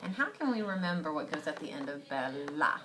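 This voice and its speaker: A woman's voice: low voice, sing-song, a little fast. A woman teaching a child to read one-on-one, patient and encouraging as she coaches sounds and spelling. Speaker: reading teacher. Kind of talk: one-on-one reading lesson. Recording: noisy classroom recording.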